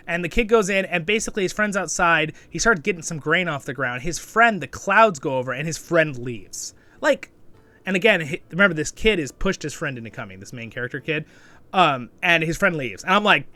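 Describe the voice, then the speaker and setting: A man hosting a casual episode review, chatty and rambling, often tagging "right?" and jumping up in excitement. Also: a little high, a little fast, dry recording. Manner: animated, with sudden excited jumps. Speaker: show reviewer and channel host.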